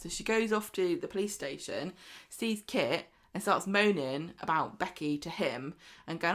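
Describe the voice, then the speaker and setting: A woman's voice: fairly low pitch, moderate pace. Chatty woman recapping with mock voices. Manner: lively, mocks characters in put-on voices. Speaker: podcast co-host. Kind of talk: casual chat recapping a soap.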